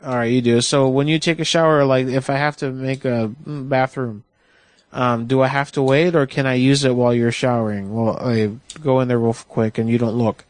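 A male host of a prank call show who asks crude questions with deadpan, mock confusion. His voice sits at a middle pitch. The sound is dry and close, with no room around it. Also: moderate pace, no echo.

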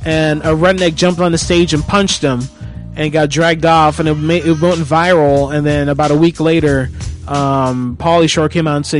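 A man's voice: fairly high pitch, fairly even intonation, moderate pace, faint music behind. A man hosting a talk show, teasing his co-host and rambling with lots of swearing. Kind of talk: casual crude banter.

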